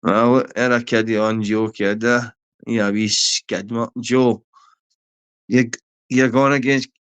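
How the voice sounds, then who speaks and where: A Scottish man ranting on a livestream, swearing and hurling insults at people who are not there. His speech is slow and drawn out, and his voice stays smooth and clear. He rambles, stops to call out viewers by name, then goes back to the rant. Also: mid-range voice, fairly even intonation, muffled recording. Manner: foul-mouthed, insulting; rambling, talks to chat by name.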